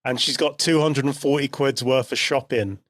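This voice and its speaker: A man in his forties, co-hosting a podcast and telling a story in a relaxed, unhurried, chatty way. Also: medium pitch, no echo, studio quality. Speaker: podcast co-host. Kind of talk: casual chat.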